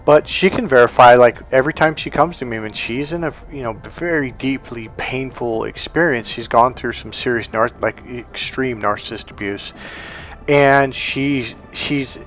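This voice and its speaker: A man speaking as a relationship coach in a motivational monologue, telling stories with animated delivery. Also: mid-range voice, normal speed. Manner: animated storytelling, acting out dialogue.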